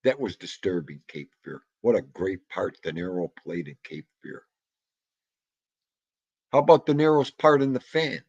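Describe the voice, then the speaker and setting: A low-pitched man chats on his livestream, wandering between thoughts and muttering to himself while he answers chat. The sound is dull and dry, with no room behind it. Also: big pitch swings, moderate pace, vocal fry, a little mellow, no echo. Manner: rambling, nostalgic, muttering asides to himself. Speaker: livestream host. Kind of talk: casual livestream chat reading comments.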